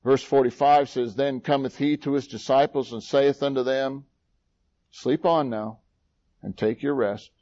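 A man preaching a sermon, reading scripture aloud in a rising, dramatic voice and dropping low and quiet for his own asides. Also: fairly even intonation, measured pace, dull audio.

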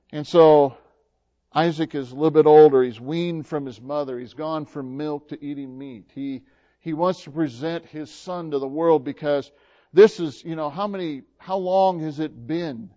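Slow-talking pastor guy, kinda high voice, chatty sermon, muffled lo-fi sound. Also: mellow. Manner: folksy, conversational preaching with frequent fillers and restarts. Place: church.

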